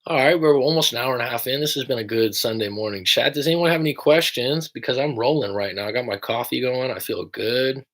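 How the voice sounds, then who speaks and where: Fairly quick and with few pauses, this young man from the United States rambles casually on a livestream about coaching people through breakups, cursing occasionally. His voice is mid-range and a bit bright.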